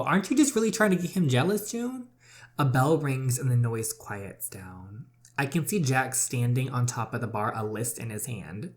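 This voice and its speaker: Sassy gamer reading a story game. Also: medium pitch. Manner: sassy, chatty asides. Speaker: let's-play gamer.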